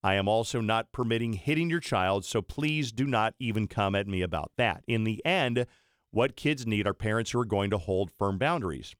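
A man's voice: fairly low pitch, lively intonation, moderate pace, no room sound, studio quality. A middle-aged man, hosting a radio talk show and telling stories in a blunt, opinionated way.

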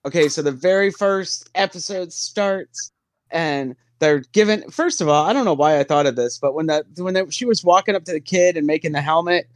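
A man in casual podcast chat talks bluntly and jokes, with plenty of swearing. His voice is high. The sound is dry and close. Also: normal speed, dry recording. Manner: blunt, profane, joking. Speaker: podcast co-host.

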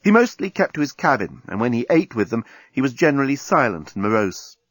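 A man's voice: medium pitch, big pitch swings, fairly quick, dry recording. A man narrating a comic science fiction audiobook with a wry manner.

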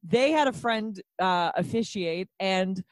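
A woman's voice: mid-range voice, takes it slowly, no echo. A woman in her thirties chatting casually as a podcast co-host, telling stories and acting out quotes, with plenty of swearing. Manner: animated storyteller, swears freely, acts out quotes. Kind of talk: casual chat.

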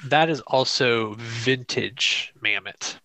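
A man co-hosting a casual movie discussion, thoughtful and halting, repeating words as he finds his phrasing. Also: mid-range voice, pushed and bright, poor audio. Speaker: podcast co-host.

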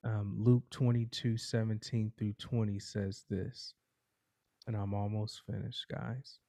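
A man preaching a sermon, telling a courtroom parable in a slow, dramatic storytelling manner. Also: lowish voice, level tone, vocal fry, warm tone, no room sound.

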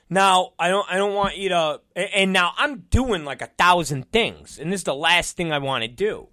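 A man's voice: sits high, moderate pace, few pauses, pushed and bright, no room sound, studio quality. A middle-aged man hosting a podcast, telling an exasperated story in a profane, casual rant. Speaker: podcast host and wrestling promoter.

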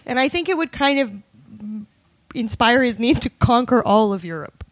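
Casting note: woman, bright and high, quick jokey podcast chatter, dry mic. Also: expressive, no room sound. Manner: fast, jokey, lots of "like" fillers. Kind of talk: casual comedic podcast chat.

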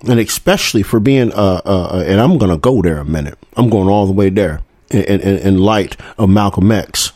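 A man's voice: sits low, normal speed, darkish tone, dry recording, studio quality. A man hosting a political talk show, delivering a heated monologue full of profanity and rhetorical "hmm?" asides. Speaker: podcast host.

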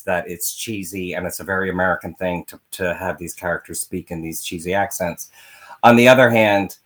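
Chatty, animated man, low voice. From Philadelphia. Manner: animated, chatty, lots of fillers and asides. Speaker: podcast co-host. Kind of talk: casual chat with ad read. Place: vacation spot.

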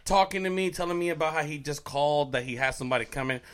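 A man co-hosting a casual talk radio show, telling a work story with excitement and acting out the people he quotes. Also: a little high, quick pace, slight background noise.

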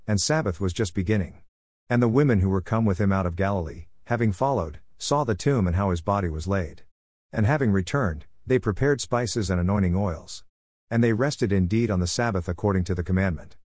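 Low-voiced man reading scripture. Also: dry recording, clean studio sound. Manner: steady measured narration. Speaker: scripture reader.

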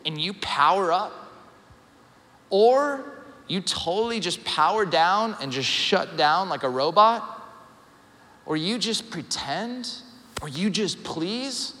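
High, bright-voiced preacher in a hall. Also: male voice. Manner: animated, acts out quoted voices in a lower tone. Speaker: pastor. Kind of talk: sermon. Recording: live sermon in a reverberant hall.

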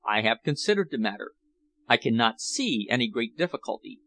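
A man reading the part of a plump, talkative schemer who speaks eagerly and smoothly. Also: medium pitch, very animated, a little fast, bright, forceful tone. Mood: calm. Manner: eager, chatty.

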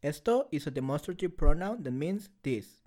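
A male language teacher giving a measured, scripted lesson explanation. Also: on the high side, expressive, warm tone.

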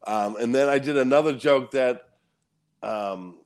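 Laid-back, swearing comedian guest. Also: male voice, medium pitch, a little slow, a little mellow. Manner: laid-back, profane storytelling. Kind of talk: casual chat. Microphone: video call.

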